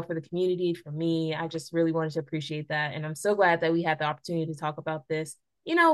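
A young woman in her twenties hosting a podcast, gushing with thanks and using many fillers. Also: low-pitched. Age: 20s. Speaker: podcast host. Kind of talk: casual podcast chat.

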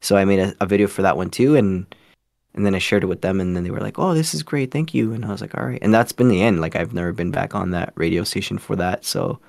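A man's voice: low-pitched, steady tone, fast talker, gravelly, a little mellow, dry recording. A young man from Canada, a guest telling a story casually with many restarts and fillers. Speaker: guest, scambaiter.

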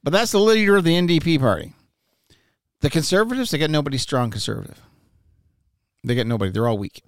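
A man's voice: a little high, sing-song, quick pace, no echo, studio quality. A man from Newfoundland hosting a podcast, crude, joking and rambling in casual chat. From Newfoundland, Canada. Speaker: podcast host.

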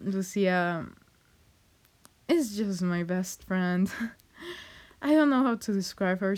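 A woman's voice: medium pitch, a little mellow. A young woman speaking in an emotional, hesitant way, often breaking into nervous laughs and using lots of fillers as she talks to her viewers. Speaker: vlogger. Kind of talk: personal heartfelt monologue.

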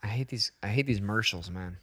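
A man's voice: fairly low pitch, fast, a bit bright, breathy edge. A man hosting a casual podcast chat, joking crudely with his guest. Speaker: podcast host.

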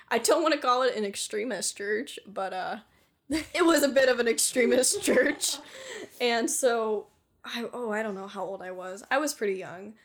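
A woman's voice: a little high, a bit bright. Giggly, swearing woman podcast host. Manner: giggly, swears freely, heavy use of "like". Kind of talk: casual chat.

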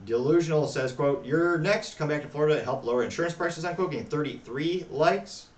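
A man hosting a talk show, reading social media replies aloud with wry, deadpan asides. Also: on the high side, brisk, echoey room, distant mic. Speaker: podcast host.

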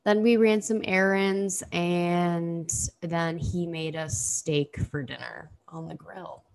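A young adult woman co-hosting a podcast, chatting casually with relaxed, low-key replies. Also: slow pace, gravelly. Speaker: podcast co-host. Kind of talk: casual chat.

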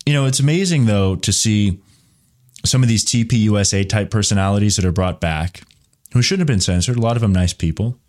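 Speaking a little fast in a lowish voice with a darkish tone, a man hosts a live commentary show. He rambles, leans on many fillers, and reads out viewer questions from the chat.

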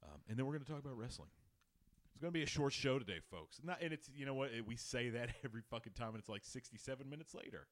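A man's voice: medium pitch, animated, quick pace, no echo. A man hosting a casual sports podcast, rambling, swearing and laughing as he talks. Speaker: podcast host.

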